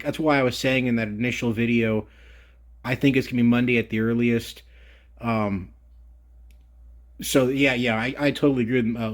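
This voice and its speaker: A man hosting a livestream, agreeing with his guest and rambling with lots of fillers. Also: mid-range voice. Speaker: livestream host. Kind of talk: casual livestream chat.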